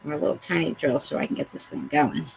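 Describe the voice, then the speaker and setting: A woman's voice: deep voice, quick pace, creaky, slight background noise, low-quality recording. A woman hosting a crafts tutorial, chatting casually and talking to herself as she works, poking fun at her own mistakes. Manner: chatty, talks to herself while working, self-mocking. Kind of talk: casual how-to talk while working.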